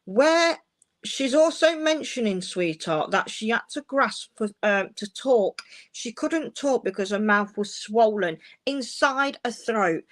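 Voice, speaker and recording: A woman's voice: a little high, expressive, slow. A woman hosting a live-streamed mediumship session, speaking reassuringly to callers and calling them darling and my love. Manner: warm, reassuring, uses endearments like darling and my love. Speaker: medium giving live readings. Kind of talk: live-streamed psychic reading.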